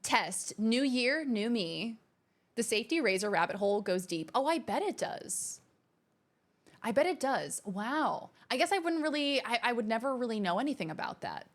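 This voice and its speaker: A host streams live from her home streaming room, her voice fairly high and sing-song. She's casual and bubbly as she reads out viewer messages, gushing and quick to exclaim.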